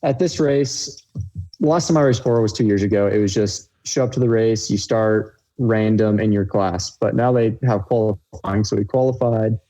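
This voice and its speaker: A man's voice: fairly low pitch, moderate pace, warm tone. A young man, a racecar driver guest, telling a race story in an easygoing way on a casual podcast.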